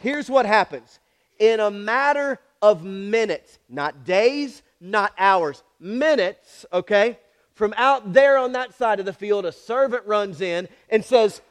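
A male preacher with a high voice delivers a dramatic sermon. He repeats key lines, checks in with the congregation, and swings between loud emphasis and hushed drops. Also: expressive, a little slow. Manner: dramatic, swings from shouts to near whispers; repetitive, emphatic storytelling with asides to the congregation.

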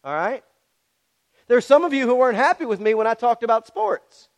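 Brief: male pastor, high pitch, direct and challenging sermon delivery. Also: expressive, brisk. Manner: direct, repetitive and challenging, talks to the congregation.

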